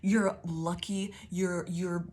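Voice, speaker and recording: A woman's voice: fairly low pitch, little pitch movement, slow pace, darkish tone. Profane, rambling woman tarot reader. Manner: profane, rambling, laughs often; affirming, calls listeners babies. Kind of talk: casual channeled tarot reading.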